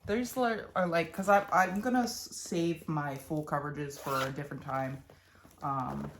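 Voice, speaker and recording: A young woman from Philadelphia chats about her cross-stitch projects in a Philly accent, rambling with many ums and restarts. Her low voice stays fairly even at a measured pace. A little hiss or hum is audible in the recording.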